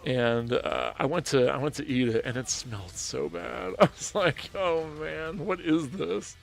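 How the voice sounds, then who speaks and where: With a fairly high voice touched by vocal fry, this streamer takes his time as he chats through a story on his gaming livestream. Laughter and restarts come often, and faint music plays underneath.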